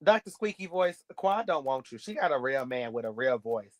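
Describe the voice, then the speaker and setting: A man's voice: mid-range voice, very animated, moderate pace. Sassy gossiping man recapping reality TV. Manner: sassy, gossipy, blunt, profane. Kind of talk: casual recap commentary.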